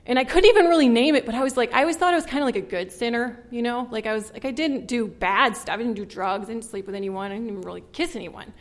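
A woman giving a personal testimony in an earnest, conversational way, with frequent "like" and a voice that drops hushed at painful points. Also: a little high, fast, hardly any pauses. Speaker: speaker sharing her testimony.

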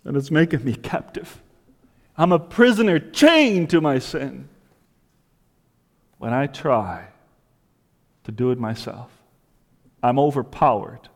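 A man preaching a sermon with passion, dropping to a hush and then rising to loud cries. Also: medium pitch, lively intonation, slow pace, pauses often, in a large hall. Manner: impassioned, swings from hushed to loud cries. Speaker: pastor.

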